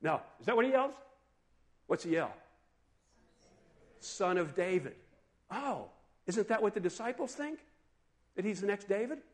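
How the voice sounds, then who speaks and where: Animated, high-voiced man preaching. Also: moderate pace, long pauses. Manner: animated, conversational, asks the listeners questions. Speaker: pastor. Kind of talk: sermon.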